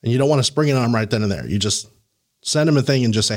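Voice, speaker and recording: A man hosting a podcast, coaching a guest in a casual, animated way, laughing and acting out the people he quotes. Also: medium pitch, rapid-fire. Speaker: podcast host and career coach.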